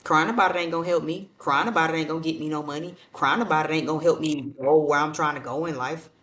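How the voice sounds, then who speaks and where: A woman's voice: deep voice, steady tone, fast talker, fairly bright tone. A woman doing a casual tarot reading, blunt and profane in a motivational way. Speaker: tarot reader. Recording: roomy echo, mic at a distance.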